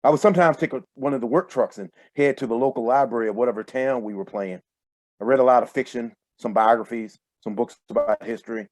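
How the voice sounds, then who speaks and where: A man reading his own first-person fiction aloud in a steady, measured way over a video call. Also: medium pitch, dry recording. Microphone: computer mic on a video call.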